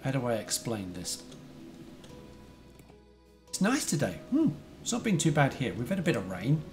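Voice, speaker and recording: A man's voice: medium pitch, wildly swooping pitch, normal speed, a little mellow, faint music behind. A man from the UK chatting casually to his viewers while playing a building game on a live stream. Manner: chatty, talks to chat viewers, remembers their details.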